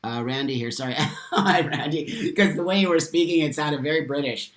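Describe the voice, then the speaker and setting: A man's voice: a little high, normal speed, a bit bright. A man hosting a live stream, reading viewer comments aloud and speaking passionately and emphatically, swearing freely. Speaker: livestream host. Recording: roomy echo.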